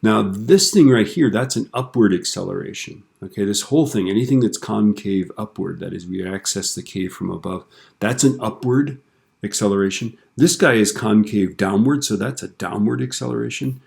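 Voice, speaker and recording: A relaxed male teacher with a very low, gravelly voice walks through a software lesson at his computer. He keeps checking in with "right?" and slips corny jokes between the steps. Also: normal speed. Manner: relaxed, tells corny jokes, frequent tag questions. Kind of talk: screen-recorded software lesson.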